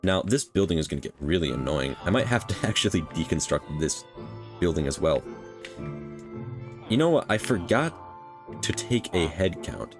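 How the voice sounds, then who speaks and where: A man's voice: sits low, expressive, normal speed, music in the background. A man casually commenting on his building game for his own channel, rambling with many fillers and restarts. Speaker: gaming channel host.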